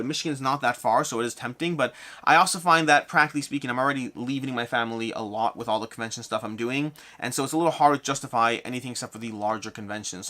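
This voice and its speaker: A man in his thirties hosting a casual live Q&A stream, reading chat questions aloud and thinking out loud as he answers, often repeating and correcting himself. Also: medium pitch. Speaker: board game content creator hosting a live Q&A.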